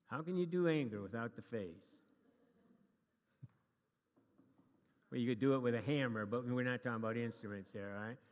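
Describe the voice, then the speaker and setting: In a church meeting room with a long hall-like reverb, a man teaches a casual class to a live group at normal speed, using a medium-pitched voice and leaving long pauses. He is chatty and joking and restarts his sentences often.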